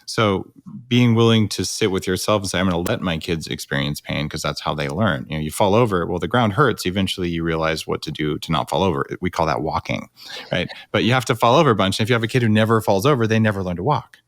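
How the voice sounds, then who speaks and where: Low-voiced male podcast host, dry sound. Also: fast, dry recording. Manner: relaxed, conversational, asks rhetorical questions. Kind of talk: casual interview conversation.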